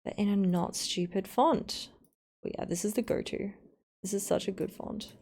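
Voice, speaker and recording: A woman's voice: medium pitch, moderate pace, vocal fry, mellow. A woman streamer chatting casually to her viewers while she edits a video, narrating each step with playful asides. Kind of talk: casual live-stream chat while editing.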